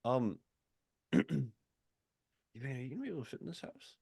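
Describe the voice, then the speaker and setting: A man's voice: mid-range voice, expressive, brisk, creaky, darkish tone, breathy edge, no room sound, clean studio sound. A man playing a tabletop game, chatting casually and tossing in offhand questions. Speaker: player.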